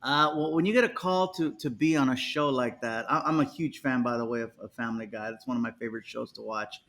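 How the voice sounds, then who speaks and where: A man's voice: mid-range voice, fast. A man, a comedian guest, telling stories in a casual interview and acting out the people he quotes. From United States. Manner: animated, acts out quotes with voices.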